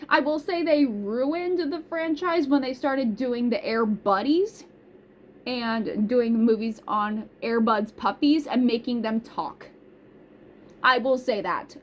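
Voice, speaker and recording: A woman's voice: fairly high pitch, slow pace. Bubbly rambling woman vlogger. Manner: bubbly, rambling, self-deprecating. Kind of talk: casual chat. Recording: slightly dull recording with faint hiss.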